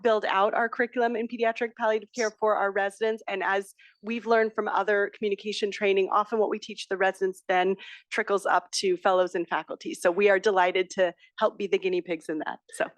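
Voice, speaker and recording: A woman's voice: mid-range voice, little pitch movement, a little fast, no room sound. A woman from a residency program giving a polite, appreciative comment from the audience at a lecture.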